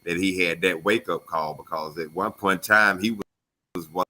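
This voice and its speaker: A man co-hosting a radio talk show, telling stories in a casual, animated way. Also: low-pitched, moderate pace. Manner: animated storyteller, acts out voices. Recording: call-in radio show studio.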